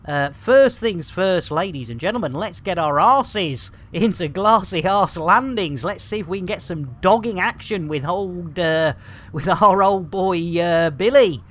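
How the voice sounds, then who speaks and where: A man's voice: high voice, lively intonation, unhurried, a bit bright. A man giving rambling, jokey live commentary while streaming a video game. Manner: jokey, rambling, cheeky innuendo, frequent laughter.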